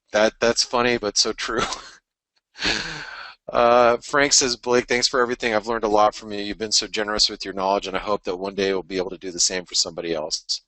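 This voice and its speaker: A man hosting a trading webinar, reading out listener messages in a casual, halting way with fillers and chuckles. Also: on the low side, sharp tone, dry recording, low-quality recording.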